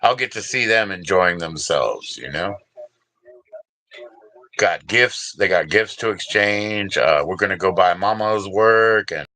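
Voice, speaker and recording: An older man from the Washington DC area, US, hosts a casual livestream, rambling in a laid-back way while reading out viewers' names and chatting with them. His voice is low-pitched with a sharp tone.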